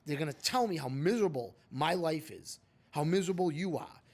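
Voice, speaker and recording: A man's voice: fairly high pitch, animated, a little fast, creaky, darkish tone. Opinionated male podcast host. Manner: opinionated and emphatic, often addresses his co-host by name. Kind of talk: casual podcast chat.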